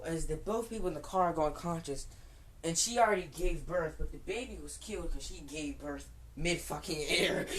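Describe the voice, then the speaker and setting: A woman's voice: sits low, a little hiss or hum, rough recording. A woman improvising a fan story in casual, rambling talk, full of swearing and restarts, and snapping defiantly at critics. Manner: rambling, profane, frequent restarts.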